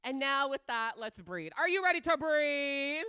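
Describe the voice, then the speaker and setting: Flamboyant drag host working a crowd. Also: female voice, high-pitched, big pitch swings, moderate pace, dry recording. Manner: flamboyant, loud and playful with the crowd. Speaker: event host and drag performer. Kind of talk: live stage hosting and guided breathing. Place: live event stage.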